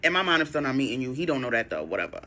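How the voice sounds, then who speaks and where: A woman telling a dating story on a talk show, slangy and expressive, acting out both sides of each conversation. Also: very deep voice, very fast. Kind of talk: animated story time.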